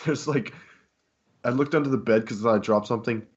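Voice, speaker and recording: A man's voice: medium pitch, moderate pace, husky. A young man, the podcast co-host, telling a story in casual chat, laid-back and laughing often. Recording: dull lo-fi audio with faint noise.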